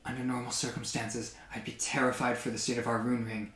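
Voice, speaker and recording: A woman's voice: rumbling low, little pitch movement, brisk, fairly bright tone, slight background noise. A game master voicing an anxious young woman looking after a ship; she stammers and apologizes. The room is echoey. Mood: worried. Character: anxious young woman ship's caretaker, flustered.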